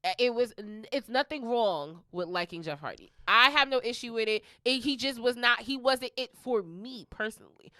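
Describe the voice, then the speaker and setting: A woman's voice: on the high side, moderate pace, hardly any pauses, sharp tone, dry recording, studio quality. A woman co-hosting a podcast in casual chat, blunt and emphatic, swearing freely. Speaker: podcast co-host.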